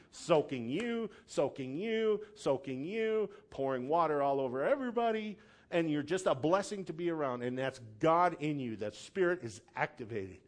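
A pastor preaching a sermon, casual asides and checking in with the congregation, building to loud emphatic peaks. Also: male voice, a little high. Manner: conversational asides, checks in with "okay?".

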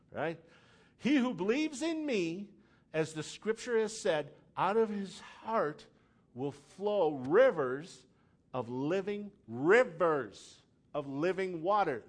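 A pastor preaching a sermon, casual asides and checking in with the congregation, building to loud emphatic peaks. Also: male voice, fairly high pitch. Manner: conversational asides, checks in with "okay?".

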